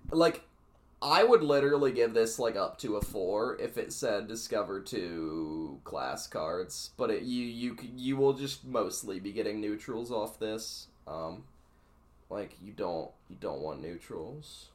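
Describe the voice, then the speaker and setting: A man's voice: lowish voice, unhurried. A man co-hosting a podcast, rating cards in casual, rambling chat with lots of fillers. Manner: rambling, filler-heavy, excited. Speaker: podcast co-host. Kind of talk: casual card-review chat.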